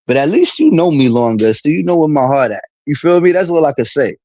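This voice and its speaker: Man, venting stream talk, heated and repetitive, street slang, fairly high voice, dry mic. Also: big pitch swings, quick pace, few pauses, darkish tone, no echo. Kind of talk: casual venting monologue.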